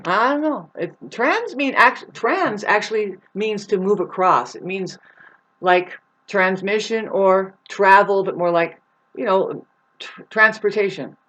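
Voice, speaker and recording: Woman vlogger, mid-pitched, restless stream-of-consciousness rant, swears freely, swings from muttering to loud bursts. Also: expressive, takes it slowly, highs cut off. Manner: rambling, profane, restless, with sudden loud outbursts. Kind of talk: rambling stream-of-consciousness monologue.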